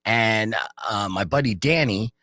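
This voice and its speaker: A man's voice: on the low side, a little slow, dry recording, studio quality. A man hosting a morning radio show, telling a long story in a loose, swearing way and acting out the people in it. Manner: animated storyteller who acts out voices and swears freely. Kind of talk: casual morning radio talk. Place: radio studio. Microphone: studio microphone.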